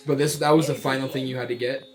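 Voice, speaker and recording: A co-host reacting with short quips and questions while a game is played. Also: mid-range voice. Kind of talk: casual chat over gameplay. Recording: music playing loudly behind. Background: game music.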